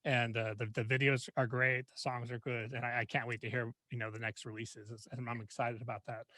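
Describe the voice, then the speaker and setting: A man hosting a music podcast, chatting in a relaxed way and laughing and joking with his guest. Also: mid-range voice, a little fast, no room sound. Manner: laid back, laughs often, jokes along. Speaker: podcast host. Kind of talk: casual interview chat.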